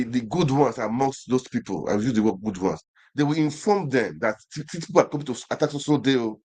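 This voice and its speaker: A man with a Nigerian accent hosts an online show, delivering an impassioned commentary monologue packed with repeated phrases and rhetorical questions. His voice is a little high with a darkish tone.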